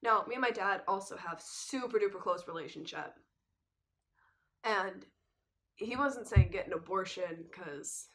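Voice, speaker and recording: A young woman chatting casually as she tells a personal story, lively and acting out the dialogue. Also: lowish voice, moderate pace. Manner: lively retelling that acts out the dialogue. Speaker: vlogger telling a personal story.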